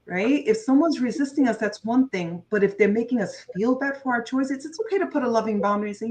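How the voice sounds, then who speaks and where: A woman's voice: on the high side, brisk, hardly any pauses, a little mellow, poor audio. A woman guest coach speaking earnestly and from the heart in an interview, repeating key phrases for emphasis. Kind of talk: conversational interview.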